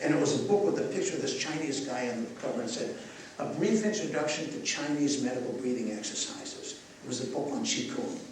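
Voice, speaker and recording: An older man teaching breathing to a live audience, animated as he guides them through each breath. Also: medium pitch, fairly quick, slight background noise. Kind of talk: live workshop talk to an audience. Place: live event venue. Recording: echoey event space, mic from far off.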